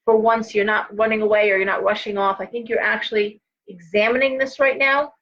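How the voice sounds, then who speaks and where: A woman's voice: medium pitch, fairly even intonation, a little fast, a bit bright, lo-fi sound. A tired middle-aged woman hosting a live tarot reading, talking in a chatty, rambling way with many restarts and asides. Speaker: host and tarot reader.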